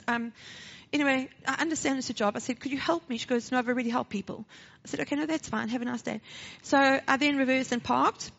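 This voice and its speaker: A woman's voice: sits high, a little fast. South African woman telling a church testimony. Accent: South African English. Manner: animated storytelling, acting out dialogue. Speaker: church speaker sharing a testimony. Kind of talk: personal testimony and sermon. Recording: dull lo-fi recording.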